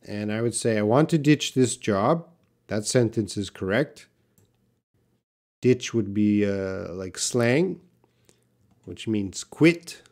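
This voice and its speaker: A man's voice: fairly low pitch, animated, takes it slowly, pauses often, darkish tone. Canadian man teaching English live. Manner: direct, reads viewer comments aloud and answers them. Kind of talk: live-stream Q&A lesson.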